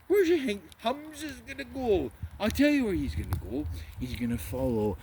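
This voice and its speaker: A Scottish man in a casual chat, ranting in an animated, sweary and mocking way. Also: very high voice, normal speed, few pauses, slight background noise. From Scotland.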